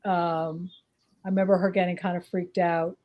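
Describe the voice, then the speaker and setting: A woman's voice: on the low side, little pitch movement, normal speed, darkish tone. A woman chatting casually as a guest, rambling and hesitant, with many fillers. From northeastern United States. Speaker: psychic guest. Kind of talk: casual chat.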